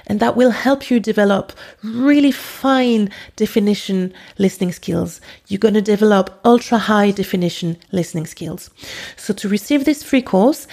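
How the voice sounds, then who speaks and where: A woman with a French accent, a native French speaker, hosting a podcast and teaching with clear, deliberate delivery. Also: medium pitch, mellow. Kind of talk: podcast language lesson.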